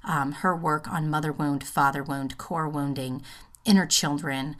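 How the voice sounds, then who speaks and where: A woman with a low, deep voice talks to her podcast listeners from home. She speaks earnestly and from the heart, wandering through her thoughts with fillers and restarts. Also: fairly even intonation, a little slow, fairly bright tone. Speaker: podcast host. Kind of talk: personal monologue. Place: home, just out of the bath.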